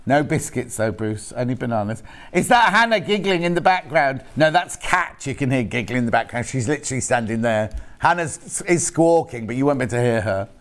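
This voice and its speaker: A man's voice: mid-range voice, expressive, brisk. A man presenting on a live shopping channel, chatting and teasing while reading out prices and product codes. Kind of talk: live TV sales chat. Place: TV studio. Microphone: earpiece and studio mic.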